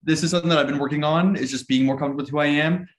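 A man's voice: on the high side, steady tone, racing. A young man chatting casually as a guest, laughing often and mimicking quoted voices. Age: young adult. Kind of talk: casual chat. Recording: roomy room sound.

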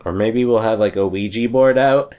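A man's voice: fairly low pitch, normal speed, darkish tone, smooth. A man in casual chat with friends, telling stories animatedly and laughing often.

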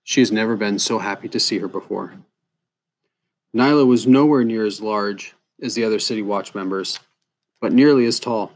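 A man narrating a fantasy story in a measured, unhurried way. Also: lowish voice. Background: soft guitar music.

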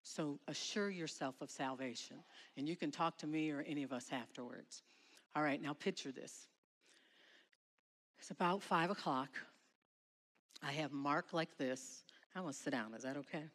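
Middle-aged woman, bright voice, telling her story to students in a chapel, dramatic, long echo in the hall. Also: low-pitched, normal speed, long pauses. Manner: dramatic storyteller, acts out shouts. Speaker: guest speaker at school chapel. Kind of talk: emotional testimony to students.

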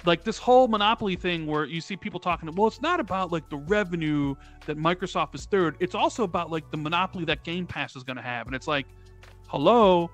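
Bright-voiced rambling man in gaming chat. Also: a little high, fast, few pauses, faint music behind. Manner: rambling, lots of fillers, rhetorical questions. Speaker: podcast guest.

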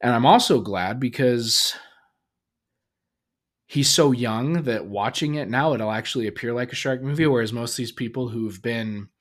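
A man's voice: mid-range voice, moderate pace. A man in his thirties hosting a casual solo podcast, telling a family story in a rambling way with restarts and fillers. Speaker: podcast host.

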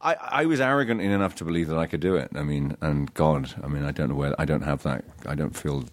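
A man, an actor guest, chatting in an interview with a halting, self-deprecating manner, full of restarts and laughs. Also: very deep voice. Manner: laughs between thoughts. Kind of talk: casual interview chat.

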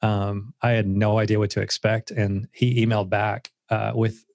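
A man's voice: on the low side, level tone, moderate pace, a little mellow, no room sound. A man speaking as a guest author in a casual interview, earnest and reflective, with many filler words.

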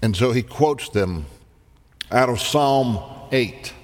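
A man preaching a sermon, slow and deliberate, rising in pitch and volume when he quotes scripture. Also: lively intonation. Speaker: pastor. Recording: long reverb in a large hall.

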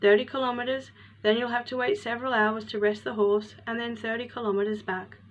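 A bitter, harsh old woodcarver, as a woman narrator puts him on, gruff and ready to roar. He speaks low and weathered, like a lonely man grown crabby over the years. The recording is slightly muffled. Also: level tone, fairly quick, natural voice. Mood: weary. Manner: gruff, growls when angry. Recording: slightly muffled with faint hiss.

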